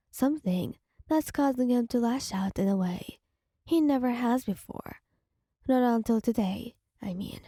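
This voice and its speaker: A woman narrating a second-person listener audio story in a soft, partly whispered delivery. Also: fairly high pitch, slightly rough, no echo, studio quality.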